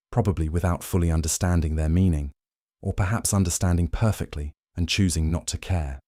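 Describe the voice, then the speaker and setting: Low, dark-voiced male sleep narrator. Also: no echo, clean studio sound. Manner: calm, measured, even storytelling. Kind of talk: scripted second-person bedtime history narration.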